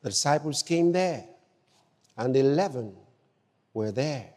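A man preaching a sermon with exuberant shouted exclamations and dramatic storytelling. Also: mid-range voice, lively intonation, measured pace, big-room sound.

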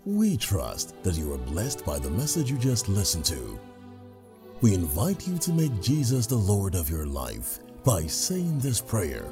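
Deep-voiced man reading a prayer. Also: wildly swooping pitch, a little slow. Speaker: closing announcer. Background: music.

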